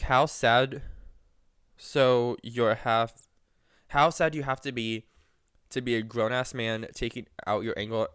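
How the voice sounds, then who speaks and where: A young man with a smooth, resonant voice chats on a podcast, reading posts aloud and acting out the quoted voices. He laughs easily and tells stories with animation. The sound is close and dry, with no room behind him. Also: medium pitch, fairly bright tone, no room sound. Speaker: podcast co-host.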